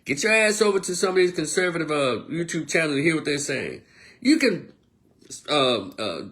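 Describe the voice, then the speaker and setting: A man delivering a blunt, profane monologue as an online commentator, swinging between loud outbursts and low, quieter stretches. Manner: blunt, profane, animated rant. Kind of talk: casual ranting monologue.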